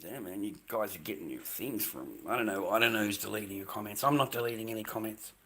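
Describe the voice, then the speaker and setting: A man's voice: lowish voice, quick pace, a bit bright, breathy edge. An Australian man chatting casually on a livestream from his kitchen at home, rambling and swearing freely while calling viewers mate and bro.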